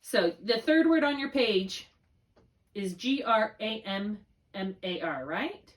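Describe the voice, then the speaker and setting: With a medium-pitched voice and lively intonation, a woman tutors one student in reading and takes it slowly. She explains spelling rules patiently, one step at a time, often checking that it's clear, and she's on a distant mic.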